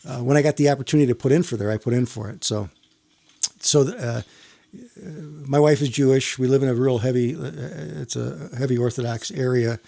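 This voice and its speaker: A man's voice: mid-range voice, fairly even intonation, brisk, gravelly, warm tone. A man who works as a firefighter, telling a long story in casual chat with many restarts and casual swearing. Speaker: firefighter guest.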